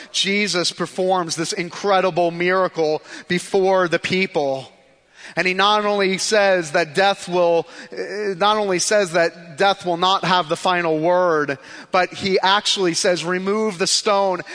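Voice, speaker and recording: A man preaching a sermon to his church, passionate, swinging from hushed pleas to forceful declarations. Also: sits high, long reverb tail. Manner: impassioned, shifts between soft hushed pleas and rising forceful declarations. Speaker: pastor. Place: church sanctuary.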